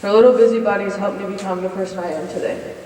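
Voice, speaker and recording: In a chapel hall, a woman in her twenties who is a college senior delivers a personal testimony fast, in a steady, warm, mid-range voice, reading earnestly from notes and cueing slides. The far-off recording is echoey with a little hiss or hum.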